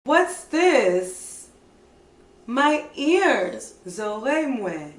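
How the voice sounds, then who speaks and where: A woman teaching toddlers as a preschool teacher, slow, sing-song and animated, with coaxing questions. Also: on the high side, reverberant, recorded from a distance.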